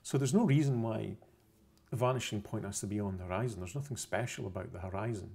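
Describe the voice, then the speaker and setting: A man's voice: on the low side, quick pace, creaky, warm tone, slightly rough. A man explaining a science topic over pictures, unscripted, methodical and repetitive, often correcting himself mid-phrase. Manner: methodical, repeats points, self-corrections.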